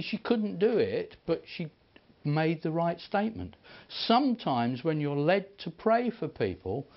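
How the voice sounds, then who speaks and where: A man preaching, telling stories in an animated way and acting out the people he quotes. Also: medium pitch. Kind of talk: sermon storytelling. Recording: dull lo-fi recording.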